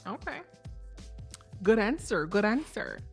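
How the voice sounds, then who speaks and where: A young woman co-hosting a casual podcast with her partner, animated and teasing, with a Black way of talking. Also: mid-range voice, gravelly, faint music behind. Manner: animated, teasing, quick bursts of loud emphasis. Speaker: podcast co-host. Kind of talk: casual couple chat.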